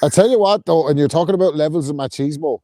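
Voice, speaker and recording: A man co-hosting a podcast, telling jokes in an animated way and laughing often. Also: a little high, quick pace. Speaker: podcast co-host. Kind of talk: casual banter.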